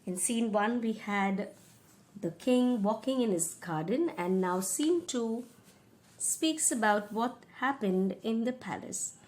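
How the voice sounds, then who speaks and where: Slow, patient woman teacher. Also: fairly high pitch, lively intonation, darkish tone. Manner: patient, paraphrases each passage in simple words. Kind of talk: explaining a school reading lesson.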